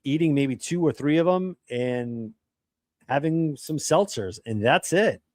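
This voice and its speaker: A man telling lively stories as a podcast guest, laughing as he goes. His voice is a little higher than most men's. The sound is close and dry. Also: unhurried, no room sound. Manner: animated storyteller, laughs while telling. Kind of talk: casual interview chat.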